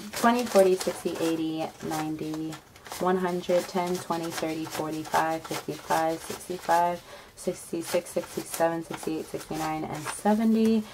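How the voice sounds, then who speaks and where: A woman making a casual budgeting vlog, counting money softly under her breath and breaking into excited squeals. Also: low voice, measured pace. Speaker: budgeting vlogger. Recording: home recording with street noise behind. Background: passing bikes and street noise.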